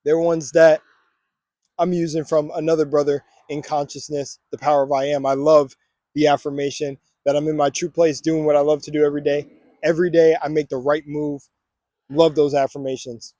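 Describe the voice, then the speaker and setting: A man's voice: on the high side, little pitch movement, brisk, mellow, no room sound, clean studio sound. A young man recording a motivational vlog on his phone while out walking, speaking with energy and chanting affirmations like a preacher. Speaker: vlogger. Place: outdoors on a walk. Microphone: phone camera.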